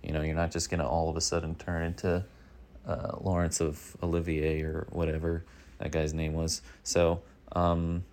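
A man hosting a daily news show, rambling through a comic monologue in a deadpan way with many fillers. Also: low voice, normal speed. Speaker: daily news podcast host.

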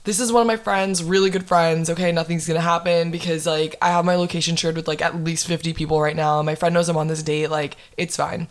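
A woman's voice: fairly low pitch, fast talker, hardly any pauses. Chatty young woman telling a story. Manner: animated, heavy use of "like". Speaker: podcast host. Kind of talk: casual storytelling chat.

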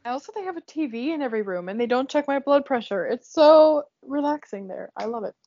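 A woman's voice: sits high, animated, brisk, dark tone. A young woman hosting a podcast, chatting casually and emotionally, laughing often. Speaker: podcast host. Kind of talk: casual chat. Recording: dull lo-fi sound.

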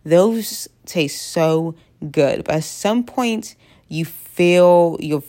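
A woman's voice: on the low side, very slow, mellow. A young woman with a stuffy head cold chatting casually in a rambling, self-deprecating, jokey way. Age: young adult. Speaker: vlogger. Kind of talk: casual confessional chat.

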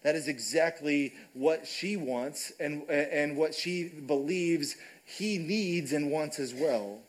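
A man delivers a sermon in a church. His voice sits a little high for a man, and his delivery is loose and conversational, often stopping to check in with the congregation. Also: slow, low-quality recording. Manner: conversational, frequent "right?" asides. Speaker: preacher. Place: church sanctuary.

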